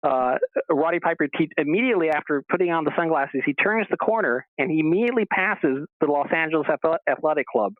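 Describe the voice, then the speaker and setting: A man with a slightly high voice tells stories as an interview guest. He breaks into livelier, higher tones whenever he acts out what other people said. His voice comes through a tinny, dry phone line. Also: quick pace, dry recording. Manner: animated storyteller who acts out quoted dialogue in a raised voice. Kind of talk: casual storytelling interview.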